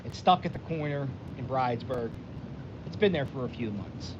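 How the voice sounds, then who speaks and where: A man's voice: mid-range voice, lively intonation, moderate pace, muffled recording. A man telling a rambling, exasperated story in a casual vlog, recorded outdoors in the wind. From Philadelphia. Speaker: vlogger. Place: outdoors by the water, windy.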